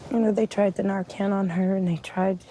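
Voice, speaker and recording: This interviewee talks about a family member's overdose in a documentary. The voice is dark and even, with almost no pitch movement. The delivery is halting, with restarts while the speaker searches for words. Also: slight background noise, low-quality recording.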